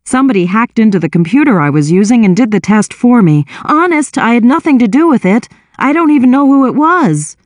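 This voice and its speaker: A woman's voice: medium pitch, expressive, warm tone, no echo, clean studio sound, natural voice. A woman voicing a guilty, defensive younger teenage brother who whines and hurries to justify himself. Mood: sheepish. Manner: whining, sheepish and quick to justify himself.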